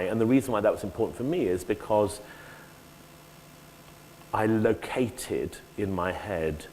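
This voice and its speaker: A man's voice: on the low side, measured pace, pauses often. A man, an actor, talking animatedly about his stage work in a public conversation, often breaking off and acting out lines. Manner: animated, self-interrupting, acts out quoted lines. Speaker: actor, interview guest. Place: lecture hall before an audience. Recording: echoey hall with faint noise.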